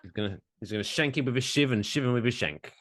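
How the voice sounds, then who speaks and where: A man's voice: mid-range voice, quick pace, fairly bright tone, no echo, clean studio sound. A man co-hosting a podcast in casual banter, playful, with announcer-style build-ups that draw out names. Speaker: podcast co-host.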